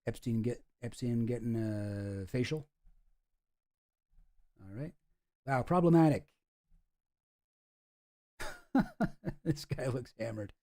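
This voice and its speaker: A man's voice: mid-range voice, slow, long pauses, dark tone. A man giving casual, sarcastic commentary on photos, rambling and swearing freely. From Canada. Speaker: online commentator.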